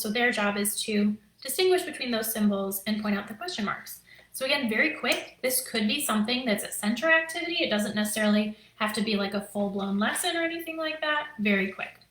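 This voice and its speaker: A chatty, upbeat teacher and curriculum creator in her thirties explains lessons to the camera in a casual video, leaning on fillers and "right?". Her voice is a little high with a fairly bright tone, and the poor audio sounds roomy.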